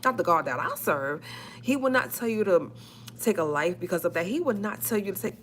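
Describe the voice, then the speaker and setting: A woman's voice: mid-range voice, lively intonation, brisk, fairly bright tone, a little hiss or hum. A woman vlogger giving emotional, emphatic commentary on a live stream, repeating herself as she works up her indignation.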